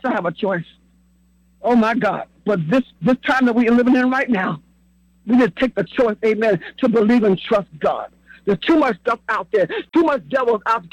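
Male preacher, very high and bright, dry close sound, impassioned exhorting sermon delivery. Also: no echo, low-quality recording. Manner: impassioned, repetitive exhortation, rising to shouts. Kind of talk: fervent sermon and prayer.

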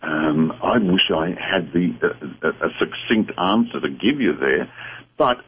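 A man speaking as a psychic medium guest on a talk radio show, explaining in a measured, reflective way. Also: deep voice, expressive, a little hiss or hum. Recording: phone-line sound.

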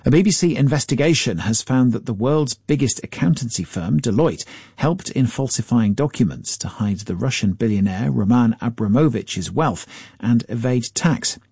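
A man reading a formal news bulletin in a measured, even newsreader delivery. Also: mid-range voice, creaky, husky, no room sound, clean studio sound.

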